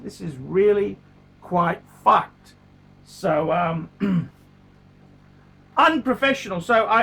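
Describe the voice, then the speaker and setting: A man's voice: high voice, gravelly, a bit bright. A middle-aged man, talking casually to camera in a blunt, profane way and often repeating himself. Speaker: watch collector vlogger.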